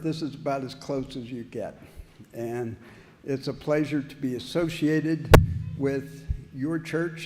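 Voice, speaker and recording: A man's voice: mid-range voice, mellow, slight background noise. A man, a visiting pastor, giving an anniversary speech in a church and telling a folksy, humorous story like a practiced joke-teller. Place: church sanctuary. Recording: long hall reverb.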